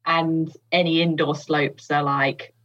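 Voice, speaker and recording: A woman's voice: sits low, little pitch movement, slow, a bit bright, lo-fi sound. A woman guest on a podcast, chatting casually with frequent laughs and fillers. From England. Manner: giggly, hesitant with fillers. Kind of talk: casual chat.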